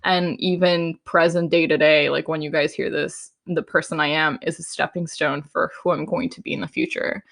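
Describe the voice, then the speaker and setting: A woman's voice: deep voice, flat delivery, normal speed, vocal fry, few pauses, fairly bright tone. A young woman hosting a solo podcast, chatting frankly and casually, full of fillers, sometimes acting out her own inner voice. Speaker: podcast host.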